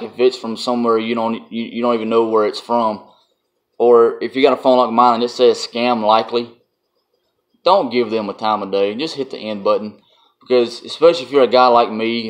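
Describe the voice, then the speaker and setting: A man, telling a casual vlog story in a blunt, folksy way and laughing often. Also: medium pitch. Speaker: vlogger.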